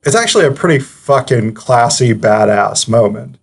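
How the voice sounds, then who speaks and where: Male film reviewer, mid-pitched, chatty and hesitant, thinking out loud over faint background music. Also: expressive, moderate pace, vocal fry, husky. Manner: chatty, digressive, hesitant with filler words. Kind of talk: casual analytical commentary.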